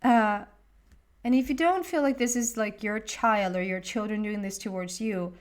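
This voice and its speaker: A woman in her thirties giving a tarot reading in a casual, rambling monologue, emotional and quick to laugh. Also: mid-range voice. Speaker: tarot reader.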